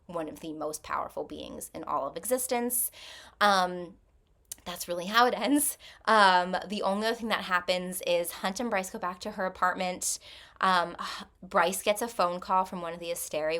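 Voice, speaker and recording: A woman's voice: on the low side, fairly bright tone. A woman hosting a book channel, retelling a novel's plot in a casual, rambling way full of "like". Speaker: book review channel host.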